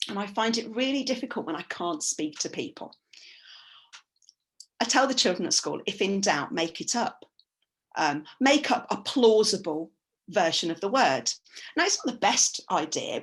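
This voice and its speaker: A woman who teaches languages, giving a chatty conference talk with slides, with frequent ums and quick self-corrections. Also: mid-range voice. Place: conference session.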